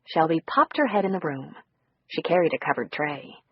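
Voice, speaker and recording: Breathy audiobook narrator, muffled sound. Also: medium pitch, sing-song, normal speed. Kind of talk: scripted narration. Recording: dry, muffled recording.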